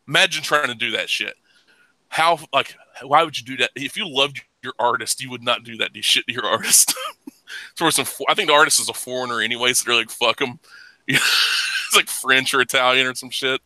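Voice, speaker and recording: A man hosting a casual podcast chat, ranting with heavy profanity and bursting into loud laughs. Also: medium pitch, a little fast, no echo, rough recording. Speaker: podcast host.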